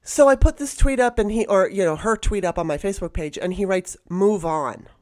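A woman's voice: mid-range voice, lively intonation, fast talker, darkish tone. A woman co-hosting a podcast, talking bluntly and heatedly and swearing freely in casual chat. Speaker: podcast co-host.

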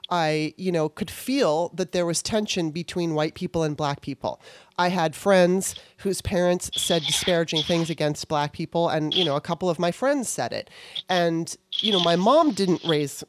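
A woman's voice: lowish voice, moderate pace, background noise. Candid rambling woman podcast host. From Baltimore, Maryland. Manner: rambling, self-correcting, candid. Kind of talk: casual conversation.

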